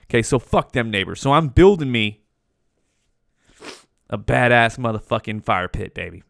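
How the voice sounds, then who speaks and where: A man's voice: mid-range voice, animated, moderate pace, vocal fry, pauses often, a bit bright, dry recording. Profane rambling man, dry close sound. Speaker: podcast host. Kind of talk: rambling casual monologue.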